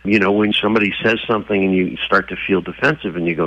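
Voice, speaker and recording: A man's voice: deep voice, steady tone, quick pace, few pauses, pushed and bright, no echo. A man as an interview guest and horse trainer, explaining earnestly and acting out voices in his stories. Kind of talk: conversational interview. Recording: dull lo-fi sound.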